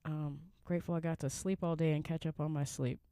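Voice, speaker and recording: A woman's voice: low-pitched, steady tone, brisk, mellow, clean tone, no echo, studio quality. A young woman hosting her own podcast in a rambling, chatty way, with a groggy morning voice. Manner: rambling, chatty, laughs easily. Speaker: podcast host. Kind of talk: casual solo podcast chat. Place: van.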